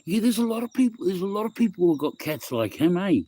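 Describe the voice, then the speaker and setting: A young New Zealand man from West Auckland hosts a relaxed home livestream in a high-pitched, sing-song, mellow voice, talking quickly. He rambles through a story while greeting viewers by name.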